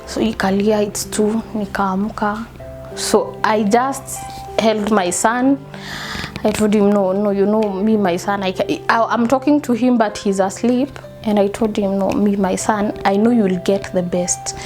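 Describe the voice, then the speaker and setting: A young woman with a Kenyan accent telling a personal story in halting speech, slipping into Swahili phrases and repeating herself. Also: mid-range voice, a little mellow. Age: young adult. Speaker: interviewee. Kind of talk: personal testimony.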